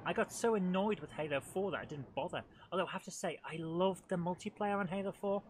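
A man's voice: sits high, brisk, slight background noise. A middle-aged man hosting a live let's-play, chatting and joking at his own expense. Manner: chatty, self-deprecating, talks to the game. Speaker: host of a retro gaming channel.

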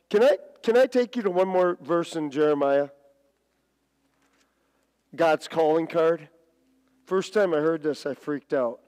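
A middle-aged male preacher with a somewhat high voice, whose sermon rings through a church sanctuary with long reverb. He tells stories full of stammered restarts, jumping up and down in pitch. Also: a little mellow. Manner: storytelling with many restarts and stammers, dramatic swings of pitch.

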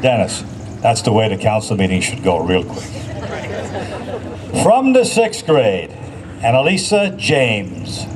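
Lively man emceeing a school program. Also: lowish voice, background noise. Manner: reads out entries and names in a brisk public-address way.

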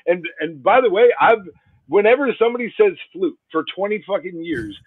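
A man who is a comedian co-hosting a casual podcast chat, excitable and swearing freely. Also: high voice, brisk, slightly rough, no echo, narrow, tinny audio.

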